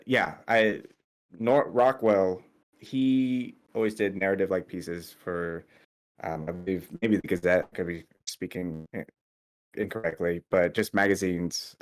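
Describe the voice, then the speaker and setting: A man talking as a guest artist in a casual interview over a call, halting with many fillers and restarts. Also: low voice. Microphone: remote call audio.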